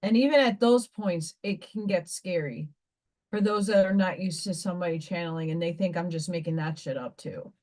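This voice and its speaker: A woman with a lowish, slightly mellow voice hosts a livestream at a moderate pace, rambling candidly and cursing casually. She breaks from chatting to read oracle card messages aloud.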